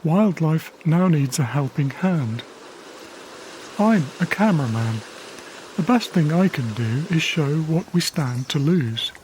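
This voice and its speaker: A man, a wildlife cameraman from England, narrating his diary in a quiet, measured, reflective documentary voice. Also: fairly high pitch, animated, a little hiss or hum. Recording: faint river ambience behind.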